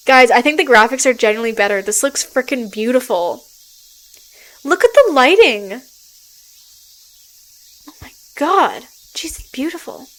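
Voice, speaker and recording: A woman streaming a story game, reading it aloud and reacting excitedly, often gasping and laughing at what she sees. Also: fairly high pitch, moderate pace, pauses often, slight background noise, rough recording.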